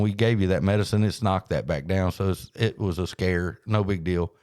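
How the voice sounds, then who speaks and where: A man, hosting a podcast and telling a story in a folksy, animated way. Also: low voice, brisk, hardly any pauses, dry recording, studio quality. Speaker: podcast host. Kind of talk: casual storytelling chat.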